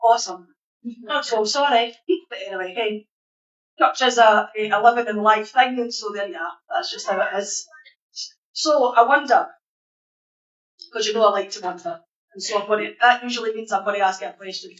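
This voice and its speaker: A woman's voice: medium pitch, moderate pace, a bit bright. A Scottish woman minister giving an informal, chatty sermon in a church hall, putting questions to the congregation. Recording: echoey hall, dull sound.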